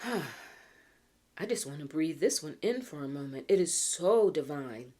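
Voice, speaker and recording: A low-pitched American woman talks through a pick-a-card tarot reading. She is chatty and earnest and slows down whenever she reads a card aloud. She clears a tickly throat from time to time. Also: animated, dark tone. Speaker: tarot reader.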